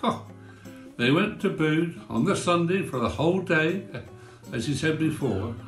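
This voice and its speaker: A chatty man spinning comic village yarns, his voice swinging lively up and down. The room sounds roomy, and a faint guitar plays behind him. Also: on the high side, a little slow. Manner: chatty, folksy. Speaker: storyteller.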